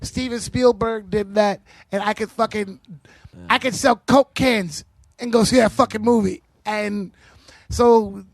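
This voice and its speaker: A man's voice: sits high, fairly even intonation, unhurried, no echo. A man co-hosting a comedy podcast, talking in loose, profane banter and acting out quoted voices. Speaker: podcast co-host.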